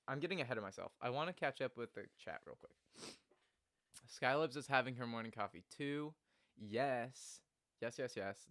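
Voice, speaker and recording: A man's voice: medium pitch, a bit bright, dry recording, clean studio sound. A man who is sick with a cough, chatting casually and laughing often with viewers on a live stream from a small storage room.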